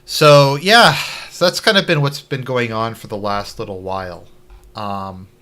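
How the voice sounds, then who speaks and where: Canadian guy streaming, blunt and offhand, kinda bright sharp voice. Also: mid-range voice, a little slow. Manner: blunt, offhand, profane asides. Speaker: streamer commenting on a debate. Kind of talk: casual live commentary.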